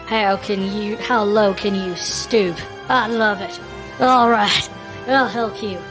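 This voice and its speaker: A woman's voice: medium pitch, fairly even intonation, takes it slowly, over music, natural voice. A woman streamer voicing a brash, flamboyant male gambler who captains an airship, reading the game's lines aloud with cocky theatrical flair. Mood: thrilled.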